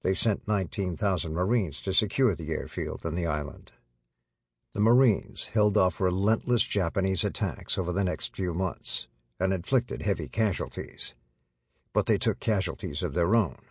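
A man reading a war novel aloud as an audiobook narrator, steady and measured. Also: low-pitched, breathy edge, no echo, studio quality.

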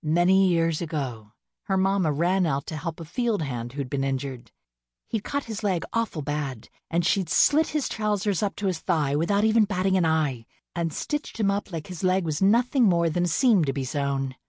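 A woman narrates a novel as an audiobook, reading scripted text in a steady, measured storytelling voice. Her pitch is fairly low, and the studio-quality recording has no room sound.

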